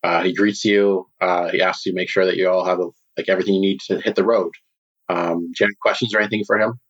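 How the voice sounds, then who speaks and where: A man acting as game master in a casual tabletop role-playing session, relaxed and chatty with laughter. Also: sits low, fast, highs cut off. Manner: relaxed, laughing, lots of fillers.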